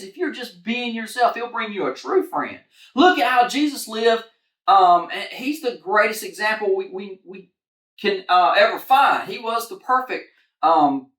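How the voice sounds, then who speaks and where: A woman's voice: a little high, fairly bright tone. A woman leading a children's church lesson, upbeat and encouraging, talking straight to the kids. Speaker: kids ministry leader. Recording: echoey room.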